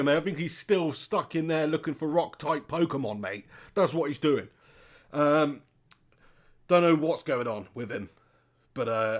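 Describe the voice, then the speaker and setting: A man hosting a live football watch-along, chatting loosely and reading viewer comments aloud. He calls viewers mate, and his voice sits a little high. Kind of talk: casual live-stream commentary.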